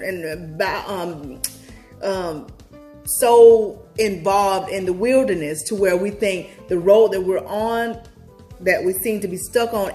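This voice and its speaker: A woman vlogger talking casually to her viewers, chatty and upbeat, reflecting on a book with sudden excited leaps in her voice. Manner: chatty, talks straight to viewers, big excited pitch jumps.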